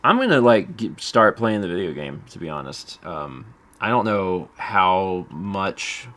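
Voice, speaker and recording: A man's voice: low voice, big pitch swings, measured pace, sharp tone. A man chatting casually on a game stream, rambling and amused, with frequent fillers and asides.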